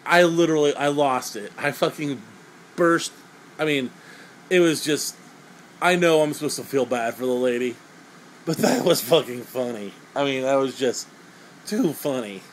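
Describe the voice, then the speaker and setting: A man's voice: medium pitch, moderate pace, slight background noise, low-quality recording. A young man giving a crude, sarcastic, rambling comedic movie review.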